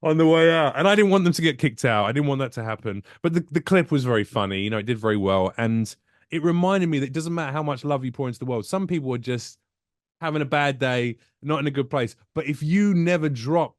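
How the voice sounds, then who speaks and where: A man's voice: medium pitch, fast, no room sound, studio quality. A man from the UK, a comedian telling jokey stories in a casual chat and acting out the people in them. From United Kingdom. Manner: animated, jokey, acts out voices in his stories. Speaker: comedian guest.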